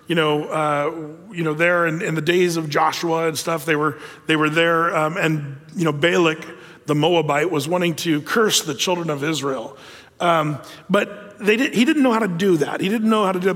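A man with a notably high voice preaches a folksy, humorous sermon, retelling scripture with plenty of fillers along the way. His words ring out with the long reverb of a large hall. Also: a bit bright. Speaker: pastor.

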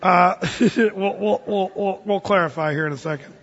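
Husky high-voiced preacher in a hall. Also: male voice, expressive, moderate pace, few pauses, fairly bright tone, dull audio. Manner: conversational, folksy preaching with chuckles. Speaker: pastor. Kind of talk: sermon.

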